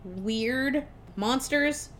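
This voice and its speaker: Young woman podcast co-host, rambling casual movie recap, a touch high-voiced. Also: very slow, a bit bright, slight background noise. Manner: rambling, swearing, quoting characters in voices.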